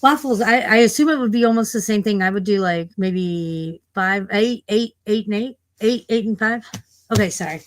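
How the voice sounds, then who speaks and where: Brief: woman streamer, mid-pitched, swears constantly, loose scattered chat. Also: normal speed, poor audio. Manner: profane, rambling, easily distracted. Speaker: livestream host. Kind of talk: casual livestream chat.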